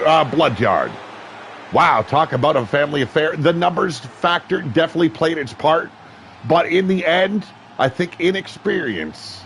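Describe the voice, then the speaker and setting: A man with a slightly high, gravelly voice calls a wrestling match play-by-play. He gets excitable and profane and often breaks into shouts. Faint noise hums behind him. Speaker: wrestling commentator. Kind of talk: play-by-play commentary.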